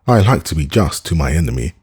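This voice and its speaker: A man voicing a giddy, theatrical young man who talks in a rapid, high-spirited, declamatory way. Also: big pitch swings, a little mellow, slightly rough, exaggerated voice.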